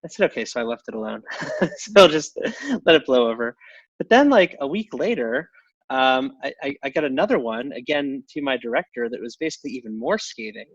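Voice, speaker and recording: A middle-aged man talking casually as an interview guest, halting, with lots of restarts and fillers. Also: mid-range voice, animated, dry recording, highs cut off. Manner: halting, many restarts and fillers, chuckles often. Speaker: guest, tech company CEO.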